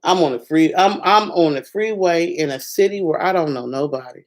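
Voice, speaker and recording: Low-voiced woman telling an emotional story. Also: moderate pace, hardly any pauses. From Ohio, USA. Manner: emotional, lively storytelling with repeated restarts. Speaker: motivational speaker. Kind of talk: personal testimony, encouraging talk.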